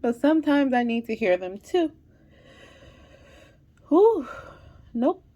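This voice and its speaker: A woman's voice: fairly high pitch, animated, normal speed, dark tone, highs cut off. Woman, spiritual host, emotional, near tears, repetitive affirmations, monologue. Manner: emotional, affirming, repeats phrases, many "okay"s. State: holding back tears. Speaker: spiritual fertility channel host. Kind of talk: intuitive card reading monologue.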